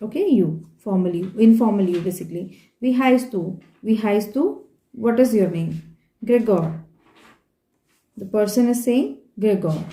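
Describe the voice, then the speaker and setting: In an echoey room, a Hindi-speaking woman with an Indian English accent walks through a beginner German textbook lesson, patiently repeating and spelling out words. Her mid-range voice has a dark tone, and she takes her time.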